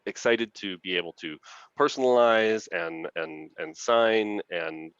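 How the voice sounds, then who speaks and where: A deep-voiced man talks as an author guest, earnest and enthusiastic, quick to laugh. His voice comes through a dull, lo-fi video call with a dead, dry sound and no room around it. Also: fairly bright tone, dry recording. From Canada. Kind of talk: casual interview chat.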